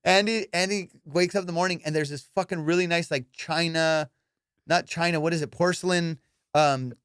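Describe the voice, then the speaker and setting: A podcast host spins a rowdy story in loose, profane chat and jumps into his friends' voices as he goes. His voice sits a little high and is smooth and clear. The sound is dry and close to the mic. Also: normal speed, no echo. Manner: profane, animated storyteller who acts out friends' lines.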